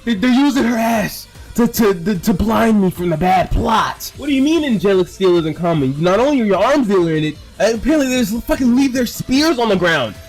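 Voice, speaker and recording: A man's voice: high voice, expressive, brisk, few pauses, soft background music. A young man giving an exasperated, casual reaction rant as a commentator, stumbling over repeated words and swearing.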